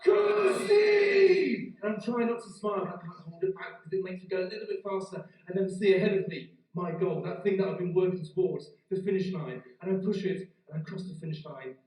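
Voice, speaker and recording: A middle-aged man speaks as a motivational speaker at a graduation. His high voice tells a lively personal story and then gives earnest advice. He sounds set back from the mic, in a big, strongly echoing hall. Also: quick pace, hardly any pauses, distant mic. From Britain. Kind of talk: keynote speech at a graduation.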